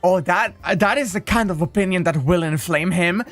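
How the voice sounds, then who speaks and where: A streamer chatting casually with a co-host during a visual novel stream, scattered and self-interrupting, with quick laughs. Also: mid-range voice, fairly bright tone, soft background music.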